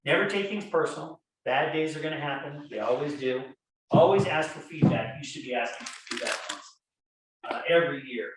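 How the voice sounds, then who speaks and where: A man giving a conference lecture on workplace safety, animated and storytelling, acting out the voices in his examples. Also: fairly high pitch, a little fast. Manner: animated storytelling, acts out quoted dialogue. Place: lecture hall. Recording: echoey hall, speaker far from mic, faint noise.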